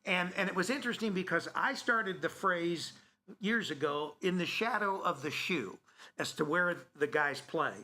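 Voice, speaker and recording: A man's voice: high voice, normal speed, sharp tone. A man co-hosting a casual chat, telling a rambling story full of restarts and "so anyway". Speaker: co-host, sports announcer.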